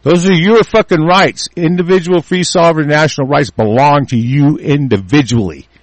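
A man in a furious, profane rant, repeating himself and shouting through restarts. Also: fairly high pitch, normal speed, no echo. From United States. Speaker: ranting commentator.

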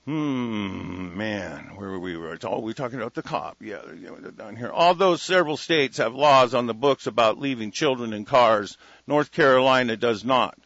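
A man's voice: mid-range voice, lively intonation, normal speed, few pauses, no echo. Profane ranting male radio host. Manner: profane, ranting, swings from muttered asides to loud declarations. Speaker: radio talk show host. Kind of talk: solo talk radio monologue. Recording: lo-fi radio broadcast sound.

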